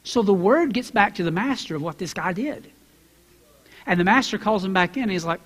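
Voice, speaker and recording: A man preaching a sermon as a pastor, acting out Bible characters in quoted voices and building to loud, emphatic preaching. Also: sits high, animated, fairly quick, husky, big-room sound. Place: church sanctuary.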